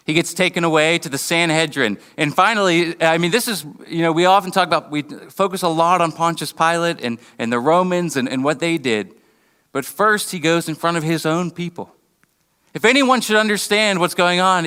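A man's voice: on the high side, sharp tone, clear, resonant tone. A man preaching a sermon in a conversational, storytelling way, often restarting his sentences. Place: church hall. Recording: long reverb of a hall.

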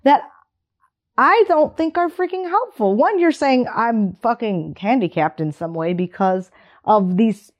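A woman's voice: on the high side, lively intonation, a little slow. A woman speaking bluntly and emphatically in candid conversation, swearing casually and laughing often. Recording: dull lo-fi recording.

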